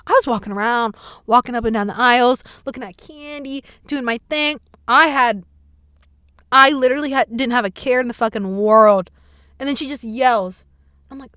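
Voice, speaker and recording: A young woman hosting a podcast, telling stories in casual chat, animated, swearing often and breaking into loud exclamations. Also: a little high, a little fast, no room sound, clean studio sound. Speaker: podcast host.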